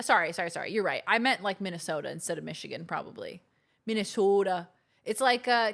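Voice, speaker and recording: A woman's voice: mid-range voice, lively intonation, a little fast, creaky, fairly bright tone. A young woman casually joking and swearing while streaming a game. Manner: joking, profane, rambling.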